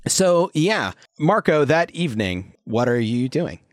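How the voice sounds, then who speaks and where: A man running a tabletop role-playing game as game master, narrating scenes in a relaxed way with fillers. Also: on the high side, no echo, clean studio sound. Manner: relaxed storyteller with fillers, puts on quick voices.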